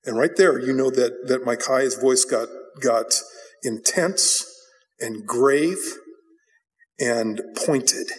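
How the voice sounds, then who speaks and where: Conversational preacher in an echoing hall. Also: male voice, mid-range voice, drawn-out words. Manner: conversational, blunt, animated storytelling. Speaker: pastor. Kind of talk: expository sermon. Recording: long hall reverb.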